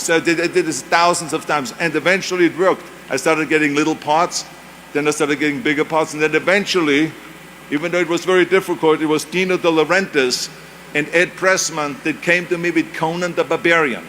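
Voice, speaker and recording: Brisk and a little high, his voice is a bit bright, with fairly even intonation and slight background noise. The speaker, a German-accented native German speaker from Europe in his seventies, offers an emphatic university motivational speech full of anecdotes and self-deprecating humor.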